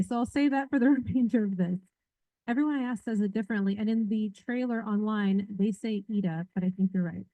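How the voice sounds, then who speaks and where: Chatty librarian woman with a mellow voice. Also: on the high side, no room sound. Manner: chatty and informal, polling the audience. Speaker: librarian defending a book in a debate. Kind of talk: casual talk to a live audience. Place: public library event. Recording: dull, muffled dry audio.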